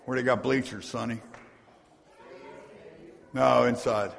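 A man's voice: medium pitch, fairly even intonation, slow pace, vocal fry. A man preaching a sermon as pastor, reading scripture aloud and tossing asides to his congregation in a church sanctuary. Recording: long hall reverb.

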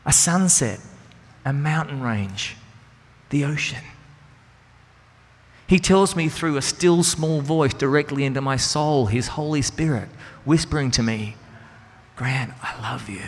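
Here the Christian speaker and singer preaches at a measured pace, leaving long pauses, his high-leaning voice full of lively intonation. The sermon is earnest and conversational, laced with rhetorical questions, and echoes through a hall with background music.

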